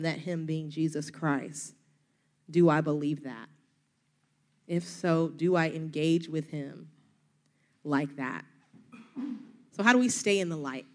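A woman's voice: low-pitched, takes it slowly, pauses often. Southern lady preaching, earnest and encouraging, asks the crowd lots of questions. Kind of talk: sermon.

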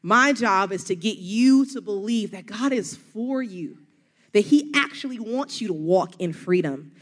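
A woman's voice: mid-range voice, lively intonation, normal speed. A middle-aged woman with a Southern US accent, preaching an earnest, encouraging sermon full of rhetorical questions.

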